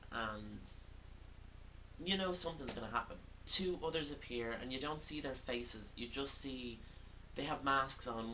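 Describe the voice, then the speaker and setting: A man's voice: mid-range voice, a bit bright. A man giving a casual video film review, talking hesitantly with many fillers. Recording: distant mic, faint background noise.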